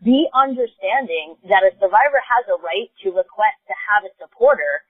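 A woman's voice: mid-range voice, lively intonation, a little fast, no echo. New York woman guest, earnest, emphatic, tinny phone line, dry sound. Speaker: guest, advocacy organization co-founder. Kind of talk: earnest podcast interview.

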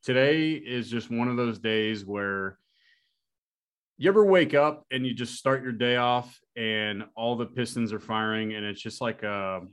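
A man hosting a podcast, chatting casually and telling jokes in an upbeat, energetic way. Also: lowish voice, clean tone. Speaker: podcast host. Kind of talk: casual chat.

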